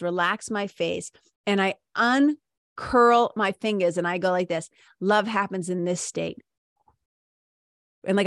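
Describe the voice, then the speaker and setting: A middle-aged woman hosts a podcast, talking casually and with animated enthusiasm, full of "like" and "right?" asides. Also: mid-range voice, no echo, clean studio sound. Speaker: podcast host. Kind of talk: casual monologue, retelling a coaching session.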